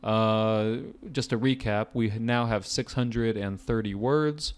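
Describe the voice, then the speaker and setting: American guy doing test prep vocab, kinda low voice, chill and chatty, cracks little jokes. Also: slow, smooth. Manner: relaxed, chatty, jokey asides. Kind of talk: casual vocabulary lesson.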